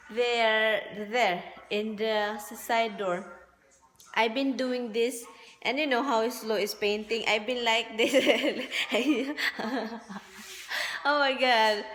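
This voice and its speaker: A woman's voice: a little high, a bit bright, a little hiss or hum, rough recording. A Filipino woman vlogging from her house, chatty and laughing at herself with many exclamations. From Philippines. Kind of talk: casual home vlog. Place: inside a house being painted.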